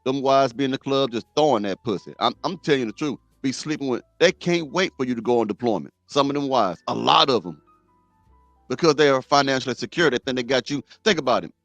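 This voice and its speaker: A man's voice: medium pitch, expressive, quick pace, a bit bright, no echo, faint music behind. A middle-aged man hosting a reaction commentary, blunt and preachy, repeating himself for emphasis. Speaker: host.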